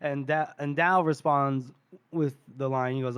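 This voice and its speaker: A man's voice: medium pitch, steady tone, a little slow, a bit bright, smooth, dry recording. A podcast co-host retelling book scenes in casual chat. He laughs often and swears.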